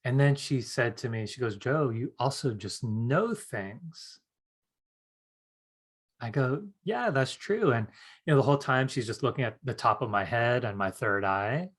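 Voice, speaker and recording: A middle-aged man teaching an online workshop, telling a personal story with lively acted-out quotes. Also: medium pitch, unhurried, breathy edge. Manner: animated storyteller acting out quoted voices. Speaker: psychic development teacher.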